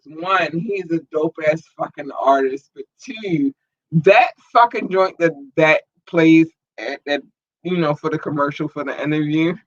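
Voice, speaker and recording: A woman hosting a live podcast rants bluntly and profanely in a raised, forceful, fired-up voice. Her sound is dry and close, with no room around it, but dull and lo-fi. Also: low voice, dry recording. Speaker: podcast host. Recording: dull lo-fi audio.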